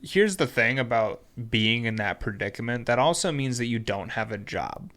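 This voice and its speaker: A young man co-hosting a laid-back talk show, his voice sitting in an ordinary middle pitch. He talks in a loose, profane, emphatic way, like he's hanging out with friends. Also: lively intonation, normal speed, a bit bright. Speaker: podcast co-host. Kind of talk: casual chat.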